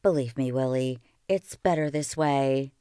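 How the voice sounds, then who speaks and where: Figure: a woman reading a calm, firm country doctor. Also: very deep voice, clear, resonant tone, dry recording, studio quality. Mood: coaxing. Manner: quiet, slow and measured.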